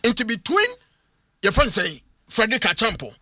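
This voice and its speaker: A man's voice: high-pitched, sing-song, normal speed, sharp tone, no room sound, clean studio sound. A man with a Ghanaian accent, hosting a sports radio talk show and giving emphatic, argumentative opinions. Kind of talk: radio sports talk in mixed Twi and English.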